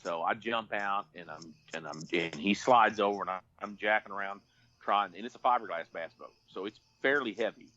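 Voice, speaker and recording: A man's voice: lowish voice, moderate pace, pushed and bright, lo-fi sound. A man telling a rambling, folksy story on a podcast, full of restarts. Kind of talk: casual storytelling.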